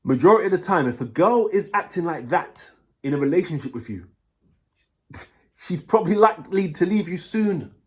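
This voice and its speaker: A man's voice: high voice, big pitch swings, moderate pace. A man with a British accent, giving blunt dating advice in a casual monologue, swearing freely and checking in with his listener.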